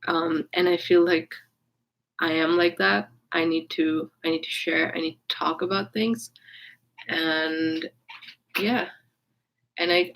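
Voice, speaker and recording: Low, gravelly woman rambling candidly. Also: fairly bright tone, poor audio. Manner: rambling, with frequent restarts and fillers; candid, with casual swearing. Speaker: vlogger. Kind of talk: casual personal storytelling monologue.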